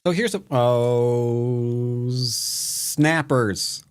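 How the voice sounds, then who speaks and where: An American streamer with a medium-pitched, animated voice speaks slowly. They give casual, playful commentary over a board game, muttering and humming to themself.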